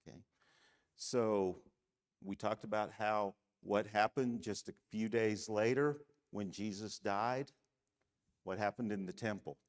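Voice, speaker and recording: A middle-aged man from the United States teaching a church Bible class, measured and emphatic, often checking in with "okay?". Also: lowish voice, steady tone.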